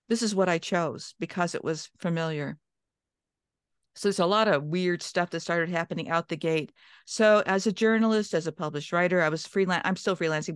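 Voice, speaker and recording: A woman's voice: sits low, clear, resonant tone, no echo, clean studio sound. A woman from Minnesota telling a long personal story as an interview guest, chatty, with restarts and quoted inner thoughts.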